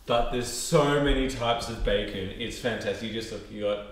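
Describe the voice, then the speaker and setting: A man's voice: medium pitch, moderate pace. A young Australian man with an Australian accent, rambling and joking as a podcast host in casual chat. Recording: echoey room, faint background noise.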